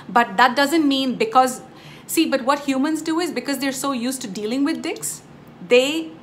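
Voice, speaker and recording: A woman's voice: fairly high pitch, a bit bright, a little hiss or hum. A woman giving a casual spiritual teaching, telling stories emphatically and addressing her viewers directly. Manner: emphatic, storytelling, addresses viewers as "you guys".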